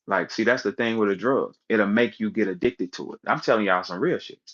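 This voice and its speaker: A man's voice: on the low side, brisk. A man in a heated, profane casual rant, telling stories and acting out other people's voices. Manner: profane, animated storytelling, acts out voices of others. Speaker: online audio room speaker. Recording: dull lo-fi audio stream.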